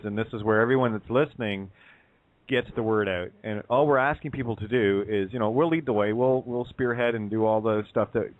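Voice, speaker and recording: A man's voice: on the low side, dry recording. A man co-hosting a radio show, rallying listeners in loose, hesitant talk full of fillers. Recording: tinny phone line.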